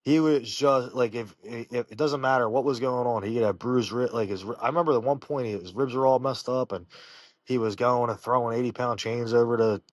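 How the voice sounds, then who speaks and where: A man, a professional fighter, telling personal stories in an interview, halting and full of fillers and restarts. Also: medium pitch, no echo. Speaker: professional fighter, podcast guest. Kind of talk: casual interview storytelling.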